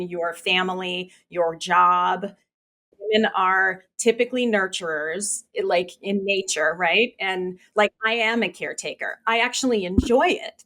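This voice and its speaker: A woman's voice: mid-range voice, fairly bright tone. A woman hosting a podcast interview, talking in a chatty, casual way with lots of filler words. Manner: chatty, uses many fillers like "like". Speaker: podcast host.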